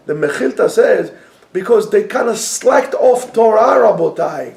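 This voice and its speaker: A man teaching a lively Torah class to students, joking and mixing in Hebrew phrases. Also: high-pitched, a little slow, creaky, reverberant.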